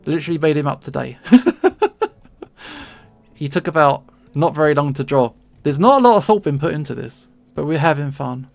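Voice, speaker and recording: Drawing on stream, a man rambles amiably to his viewers, frequently stuttering over the first words of his sentences. His voice is fairly high and gravelly, his pace moderate. Faint music plays behind a dry recording.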